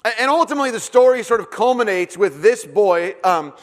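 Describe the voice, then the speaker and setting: Male pastor, casual joking sermon delivery with lots of ums and restarts, slightly high voice, long reverb. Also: animated, fairly quick. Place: church hall.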